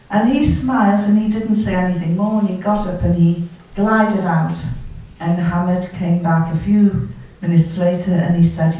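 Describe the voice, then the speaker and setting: A woman giving a storytelling talk, recalling events and acting out the dialogue in a lively way. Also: on the low side, moderate pace, few pauses. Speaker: guest speaker. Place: lecture hall. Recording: far from the mic, very echoey hall.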